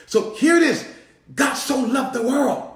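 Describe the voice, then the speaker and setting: A man preaching a sermon as a bishop, building to shouts and calling on the congregation to answer. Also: extremely high pitch, lively intonation, a little slow, roomy sound, background noise. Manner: rising, shouting preaching with call-and-response. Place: church sanctuary.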